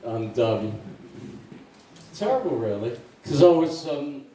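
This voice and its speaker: Halting male open-mic comic, dark mellow tone, recorded from the back of an echoey club. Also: mid-range voice, big pitch swings. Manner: halting, full of ums, laughs at own jokes. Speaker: open mic stand-up comedian. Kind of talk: rambling stand-up joke telling. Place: small comedy club stage. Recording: echoey club room, distant mic, faint noise.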